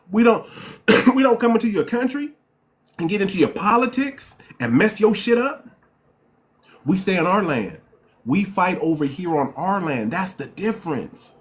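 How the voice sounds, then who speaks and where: Hosting a live-stream debate, a man with a New York accent lectures emphatically, repeats himself, and keeps saying "ma'am." His voice is high with lively intonation, and he talks at a moderate pace.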